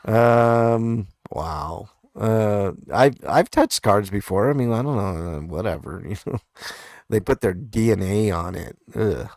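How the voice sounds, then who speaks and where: Low-voiced laid-back man reading comments. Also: slow, a little mellow, no room sound. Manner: laid-back, hesitant, lots of fillers and chuckles. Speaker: host reading viewer comments. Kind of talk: casual live comment show chat.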